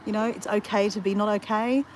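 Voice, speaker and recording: A woman's voice: mid-range voice, steady tone, fast, a little hiss or hum. An Australian woman rambling in casual chat to her viewers as she walks outdoors. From Southeast Queensland, Australia. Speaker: vlogger. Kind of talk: casual livestream chat while walking. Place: outdoors near a beach.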